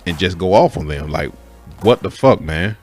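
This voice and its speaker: A man's voice: low voice, expressive, moderate pace, darkish tone, soft background music. A man telling a personal story in a candid, profane way, speaking straight to his listeners as folks. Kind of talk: casual spoken story.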